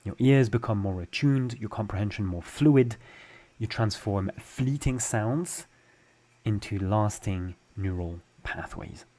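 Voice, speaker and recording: A man's voice: fairly low pitch, mellow. A young adult man with a French accent, teaching a language lesson and patiently explaining step by step with examples. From France.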